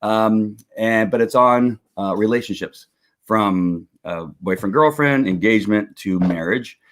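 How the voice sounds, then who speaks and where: Man, middle-aged, livestream host, casual rambling chat, lowish pitch. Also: measured pace, fairly bright tone. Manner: rambling, restarts often, chuckles. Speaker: host of a faith and politics livestream.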